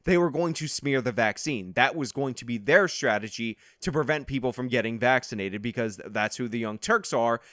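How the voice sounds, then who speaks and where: A man's voice: fairly high pitch, a bit bright, no echo, studio quality. A man hosting his own commentary video, talking in a combative, scornful way and calling out his opponents directly. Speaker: political commentary channel host.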